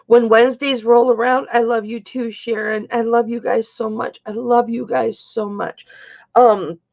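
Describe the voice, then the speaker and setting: A woman's voice: a little high, fairly even intonation, measured pace, gravelly, a little mellow. A woman in her fifties hosting a live-stream jewelry sale, chatting with viewers by name as she shows each piece. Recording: dull lo-fi stream audio.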